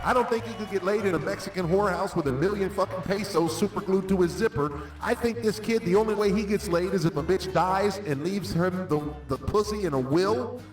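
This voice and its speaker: Man with a radio voice roasting everyone. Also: a little fast. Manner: booming, theatrical insults. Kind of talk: insult comedy roast. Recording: echoey distant voice chat with faint music.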